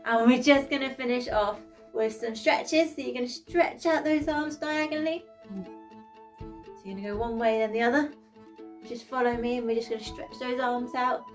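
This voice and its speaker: A woman's voice: fairly high pitch, moderate pace. A young woman leading a children's workout, upbeat and encouraging as she counts down the exercises. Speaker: workout instructor. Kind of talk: children's exercise class instruction. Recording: light background music.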